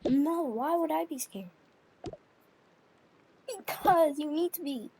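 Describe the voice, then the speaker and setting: High voiced woman playing pretend mom, bossy and chatty, lots of background hiss and clicks. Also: lively intonation, slow, darkish tone. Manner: chatty, bossy mother figure. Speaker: toy role-play narrator. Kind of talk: playful pretend play. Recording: noisy home recording with clicks.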